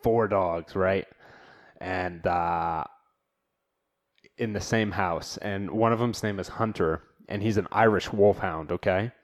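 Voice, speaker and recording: A man's voice: deep voice, slow pace. Laid-back man, slangy podcast chat. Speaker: podcast host. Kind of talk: casual solo podcast chat. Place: new home studio.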